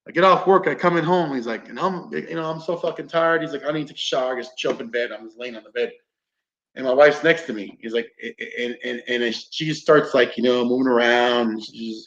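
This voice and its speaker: A man's voice: medium pitch, brisk, fairly bright tone. A man casually telling a paranormal investigation story, rambling, swearing freely and acting out what people said. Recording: roomy, dull lo-fi podcast audio.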